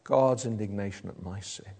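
A middle-aged man preaching a sermon, emphatic, moving between loud declarations and low, hushed lines. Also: normal speed, gravelly, breathy edge. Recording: echoey hall from a distance.

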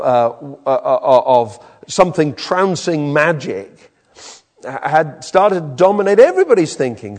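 A British man preaching a sermon with an animated, emphatic delivery in a church hall. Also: fairly high pitch. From Britain. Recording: long reverb in a hall.

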